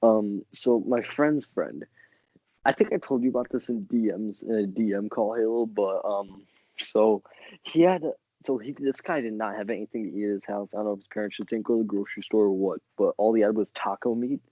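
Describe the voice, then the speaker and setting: A man's voice: on the low side, a little fast, dry recording. A young man hosting a podcast, telling a crude story in a rambling, laughing way. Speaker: podcast co-host. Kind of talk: casual storytelling chat. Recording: dull lo-fi mic.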